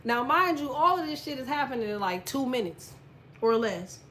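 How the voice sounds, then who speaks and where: A woman with a high voice tells a personal story at a normal pace, with slight background hiss or hum. An astrology content creator, she speaks bluntly and swears constantly in a casual monologue, lively overall but quieter during the sad parts.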